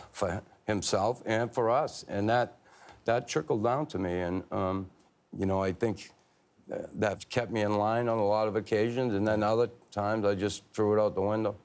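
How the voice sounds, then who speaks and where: A former hockey player with a lowish voice shares candid stories during a TV studio interview. His speech is halting, packed with fillers and restarts.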